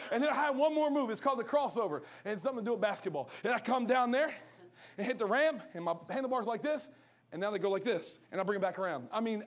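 High-voiced fast-talking preacher man. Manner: joking, animated storytelling, drops low and soft for serious points. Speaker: pastor. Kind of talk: storytelling sermon.

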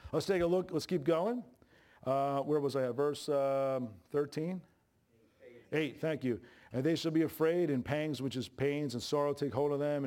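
Male pastor, slightly high voice, folksy and joking, sermon from the pulpit. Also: a little mellow. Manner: folksy, joking preacher with Southern-style colloquial grammar. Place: church sanctuary. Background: congregation responses.

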